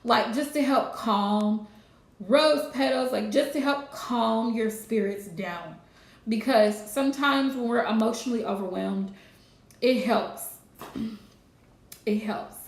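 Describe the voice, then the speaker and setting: Gravelly-voiced woman giving soothing advice. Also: on the high side, reverberant. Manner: soothing, repetitive advice with Southern-style phrasing. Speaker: tarot reader hosting a live stream. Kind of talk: casual live-stream reading.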